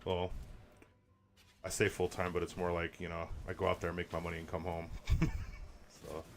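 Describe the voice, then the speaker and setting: Deep-voiced laid-back cursing man. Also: monotone, normal speed, slight background noise. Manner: laid-back, swears a lot, rambling storyteller. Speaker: game streamer. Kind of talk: casual chat while gaming.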